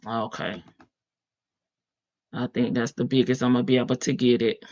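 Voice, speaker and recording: A woman's voice: a bass voice, little pitch movement, moderate pace, a little mellow, highs cut off. A woman hosting a true crime live stream, chatting casually and playfully with her viewers and laughing often.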